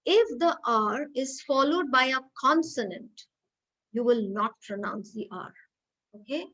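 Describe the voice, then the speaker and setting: A woman lecturer runs an online phonetics class over a video call. Her voice sits high and sounds bright and forceful. She coaxes her students patiently, asking them to say words back to her. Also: lively intonation, measured pace, low-quality recording. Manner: patient, coaxing, asks students to repeat words.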